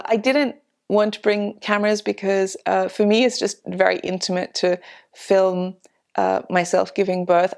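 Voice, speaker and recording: A woman vlogger telling a personal story in an emotional, halting way, with many restarts. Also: mid-range voice, creaky, a little mellow.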